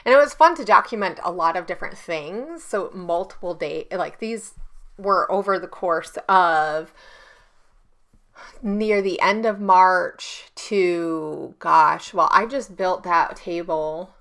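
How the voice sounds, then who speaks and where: A woman's voice: on the low side, slow pace, a bit bright. A woman in her thirties chatting through a scrapbooking tutorial at her home desk, rambling with ums and self-corrections. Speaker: scrapbooking YouTuber. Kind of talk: casual crafting tutorial. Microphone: camera on a stand on her desk.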